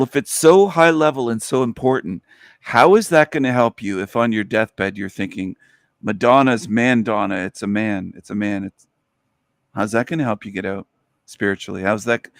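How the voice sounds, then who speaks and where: A man's voice: lowish voice, vocal fry, no echo, clean studio sound. A man hosting a solo podcast, ranting with sarcasm and repeating phrases for emphasis. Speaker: host.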